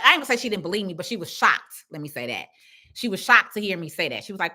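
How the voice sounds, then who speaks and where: Emphatic, preachy woman with a bright voice. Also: mid-range voice, expressive, very fast. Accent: Chicago. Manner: preachy, emphatic, repeats herself. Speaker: small business owner speaking live to followers. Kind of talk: casual live-stream pep talk.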